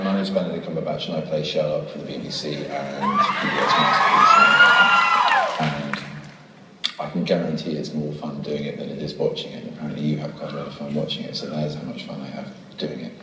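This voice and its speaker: A man's voice: rumbling low, wildly swooping pitch, fairly quick, creaky, recorded from a distance, over loud music, over a noisy crowd. A man, an actor, giving a playful video message, joking and correcting himself as he goes. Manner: jokey, self-correcting, laughs often. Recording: video played in a loud echoey hall, filmed from afar on a phone.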